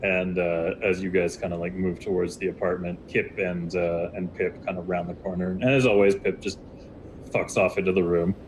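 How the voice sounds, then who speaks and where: Deep-voiced rambling game master. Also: male voice, flat delivery, normal speed, noisy background. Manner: rambling, many fillers and restarts. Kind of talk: narrating a tabletop game.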